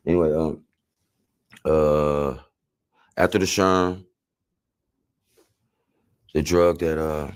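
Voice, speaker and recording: Very deep-voiced man telling his story. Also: steady tone, slow pace, pauses often, clean tone. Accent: Los Angeles. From South Central Los Angeles. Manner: slangy, rambling, profane, acts out voices loudly. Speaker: interviewee. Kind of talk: candid storytelling interview.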